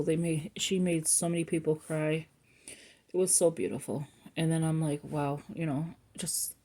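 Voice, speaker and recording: Rambling woman with a low, husky voice. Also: dark tone. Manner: rambling, self-interrupting, chatty. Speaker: planner vlogger. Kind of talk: casual rambling chat.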